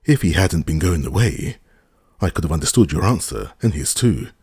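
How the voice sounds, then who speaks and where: Ironic high-society woman, brisk and lifted, read by a man with a very deep, creaky voice. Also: expressive, a little mellow, dry recording, studio quality, exaggerated voice.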